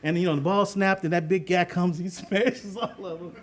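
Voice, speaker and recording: A middle-aged man, a youth football coach, telling a leadership story in an animated way, laughing often and acting out what others said. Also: sits high, moderate pace. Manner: animated, laughing often, acts out quoted voices.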